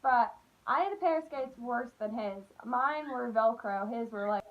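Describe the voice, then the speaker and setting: A young woman telling stories in a chatty, animated way, full of "like.". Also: a little high, moderate pace, muffled recording. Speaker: vlogger. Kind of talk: casual storytime.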